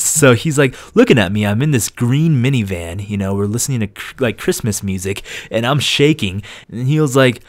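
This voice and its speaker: A young man hosting a video channel, telling a story in a casual, animated way, laughing often and acting out quoted voices. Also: mid-range voice, fairly quick, few pauses, dry recording. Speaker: gaming channel host.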